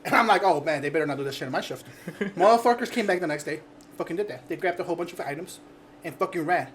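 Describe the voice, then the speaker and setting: A man hosting a podcast, telling an animated work story with swearing and bursts of laughter. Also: fairly high pitch, fast talker, slight background noise. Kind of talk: casual chat.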